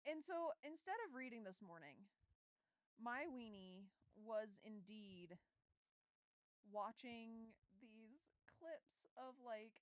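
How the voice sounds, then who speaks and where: A woman co-hosting a podcast, retelling a story in casual chat, animated and laughing often as she acts out the quoted lines. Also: a little high, no room sound, poor audio. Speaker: podcast co-host.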